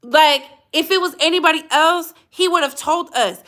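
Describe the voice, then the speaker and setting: A woman's voice: very high voice, normal speed, fairly bright tone. A woman hosting a livestreamed gossip channel in blunt, chatty casual commentary, talking straight to her chat.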